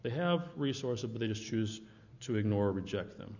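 A man sharing his missionary story with a church audience, relaxed and anecdotal. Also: on the low side, normal speed. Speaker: missionary presenter. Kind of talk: church presentation talk. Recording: dull sound with long hall reverb.

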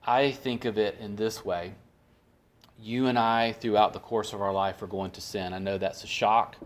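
A man teaching a Bible study in a conversational way, often asking his group questions and then answering them himself. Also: fairly low pitch.

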